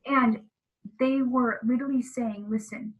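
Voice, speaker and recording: A woman's voice: mid-range voice, fairly even intonation, moderate pace, low-quality recording. A woman speaking as an interview guest, telling of spiritual experiences in an earnest, emotional way. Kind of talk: casual interview talk about spiritual experiences.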